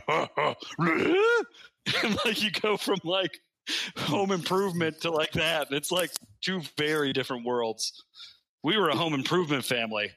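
A man's voice: fairly high pitch, pushed and bright. A man co-hosting a podcast in casual chat, joking and mocking himself. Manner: joking, self-mocking, breaks into sung bits. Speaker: podcast co-host.

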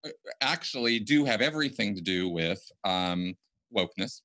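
A man's voice: lowish voice, animated, moderate pace, sharp tone. A man hosting a casual podcast conversation, speaking emphatically and often restarting his sentences. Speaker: podcast host.

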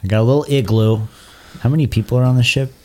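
A man's voice: medium pitch, steady tone, quick pace, a little mellow. Folksy man playing a tabletop game. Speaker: player. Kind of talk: casual tabletop game play.

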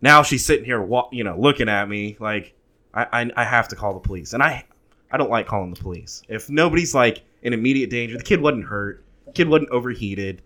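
A man's voice: medium pitch, lively intonation, brisk, sharp tone. A man in his thirties telling a long, profane story in casual chat, with frequent restarts.

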